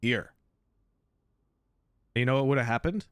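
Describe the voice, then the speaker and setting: A man's voice: medium pitch, normal speed, fairly bright tone, smooth, no echo, studio quality. A man coaching a player through a gameplay review, emphatic and blunt, repeating his key points. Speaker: game coach.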